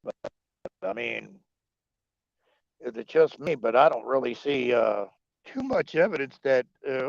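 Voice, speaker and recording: A man's voice: medium pitch, big pitch swings, slow, gravelly, pauses often, no echo. A man co-hosting a livestream, chatting casually, joking, swearing and laughing often. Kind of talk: casual political chat. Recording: dull lo-fi stream audio.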